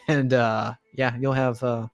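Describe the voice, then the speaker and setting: A man's voice: mid-range voice, flat delivery, takes it slowly, no echo. A man hosting a casual livestream Q&A, chatty, laughing often and reading viewer comments aloud. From United States. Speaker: livestream host, band member.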